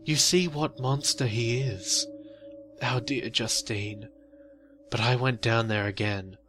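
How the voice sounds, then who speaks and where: A man's voice: medium pitch, fairly even intonation, takes it slowly, music in the background, pitched above the performer's own voice, lightly acted. A man voicing a frightened, slightly drunk older woman who pleads and rambles. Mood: pleading.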